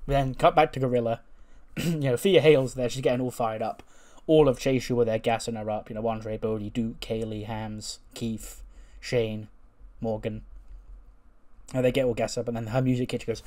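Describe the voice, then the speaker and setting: A man's voice: medium pitch, steady tone, normal speed, a little mellow. A man talking through a wrestling management game in a loose, rambling way, with frequent fillers and restarts. His voice sits in a plain middle male range. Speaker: game commentator. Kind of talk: casual game commentary.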